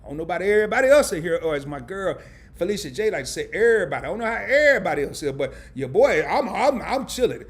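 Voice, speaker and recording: Under indoor camera lights, a middle-aged live-stream host from a small town in Arkansas chats in a joking, rambling style. He speaks with a high-pitched, sing-song voice at a quick pace.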